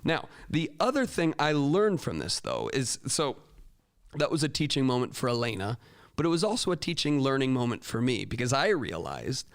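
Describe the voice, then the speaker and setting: A man's voice: mid-range voice, very animated, normal speed. A man, a teacher, talking earnestly to fellow teachers and acting out quoted dialogue in a raised voice. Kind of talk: talk to teachers with classroom stories.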